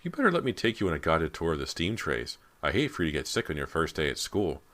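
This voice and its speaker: A man's voice: a bass voice, very animated, fast talker, a bit bright, full character voice. A man voicing a confident teenage girl with a sarcastic, teasing manner, in an audiobook reading.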